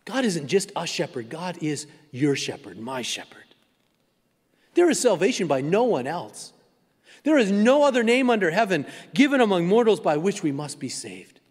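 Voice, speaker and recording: A man preaching a sermon as pastor, with a rhythmic, repetitive cadence that falls to a hushed, near-whispered delivery. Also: high-pitched, very animated, normal speed, breathy edge. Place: church sanctuary. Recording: long church reverb.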